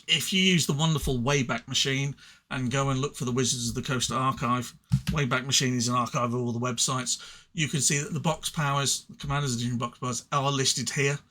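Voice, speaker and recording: An Englishman from England gives a casual solo review of cards from a card game, his mid-range voice steady, brisk, pushed and bright. He rambles and runs himself down, often stuttering and starting over.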